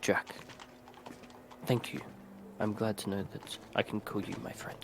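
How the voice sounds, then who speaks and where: A man playing a tabletop role-playing game, soft-spoken and halting, polite when speaking in character. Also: lowish voice, flat delivery, noisy background. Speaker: player.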